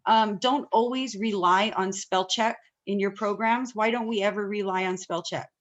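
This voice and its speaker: A woman's voice: medium pitch, steady tone, moderate pace, highs cut off. A woman teaching an online class, talking casually and often checking that students follow. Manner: chatty, asks the class questions often.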